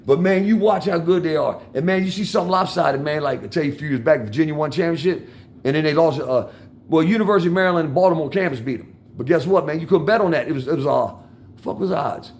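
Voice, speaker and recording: Older DC man, gravelly, loose and profane, talks to the camera outdoors, "man" and "y'all" in every line. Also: on the high side, fast, darkish tone, a little hiss or hum. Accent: Washington DC. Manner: rambling, profane street talk with constant "man" and "y'all". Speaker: vlogger talking to viewers. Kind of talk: casual storytelling monologue. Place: outdoors on a street corner.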